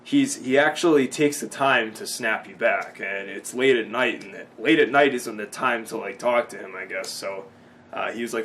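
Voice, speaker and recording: A man's voice: lowish voice, moderate pace, fairly bright tone, slight background noise. Young man rambling through an expo vlog. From Boston. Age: 20s. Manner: rambling, many ums and restarts, swears freely. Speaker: vlogger. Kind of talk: casual vlog recap.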